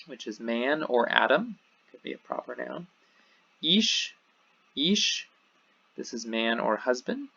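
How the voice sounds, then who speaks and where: Slow, gravelly-voiced man teaching. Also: on the high side, a bit bright. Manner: slow, explains step by step, repeats words twice. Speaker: Hebrew teacher. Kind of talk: recorded online lesson. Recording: dull lo-fi audio.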